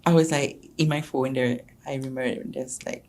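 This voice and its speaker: A young woman with a Singaporean English accent speaks in a low register. She tells her story in a podcast interview, loud when she voices others and quiet for her own thoughts. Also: moderate pace, few pauses, slight background noise. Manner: animated, acts out quotes with sharp jumps in pitch and loudness. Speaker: podcast guest.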